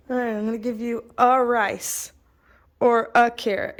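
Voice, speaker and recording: A woman's voice: a little high, little pitch movement, a little slow, pauses often, fairly bright tone. A woman, a tarot reader chatting casually to her viewers in a loose, repetitive way. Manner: chatty, loose and repetitive, talks baby-talk to a puppy. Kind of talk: casual vlog chat.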